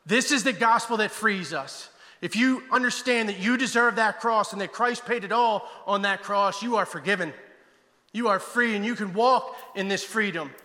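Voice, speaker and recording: A man preaching a passionate guest sermon, swinging between loud exclamations and hushed, intense passages. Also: high voice, normal speed, long reverb tail.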